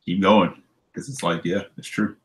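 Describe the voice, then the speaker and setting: A man's voice: low-pitched, fairly even intonation, normal speed, slight background noise. A man on a casual gaming podcast, adding agreeing remarks to a co-host's story. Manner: agreeable, frequent backchannel responses.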